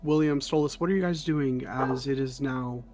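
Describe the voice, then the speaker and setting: A man narrating as game master, calmly asking players what they do. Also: mid-range voice, normal speed, over music.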